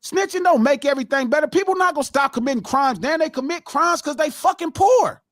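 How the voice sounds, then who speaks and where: Man, middle-aged, podcast host, high voice, swooping wildly, heated profane ranting, dry close sound. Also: animated, fairly quick, fairly bright tone, no echo. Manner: impassioned, profane, lecturing. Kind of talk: heated live podcast rant.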